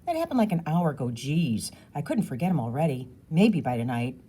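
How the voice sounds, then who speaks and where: A woman's voice: sits low, very animated, dark tone, breathy edge, exaggerated voice. A woman doing a bored little girl. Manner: offhand, quick and dismissive.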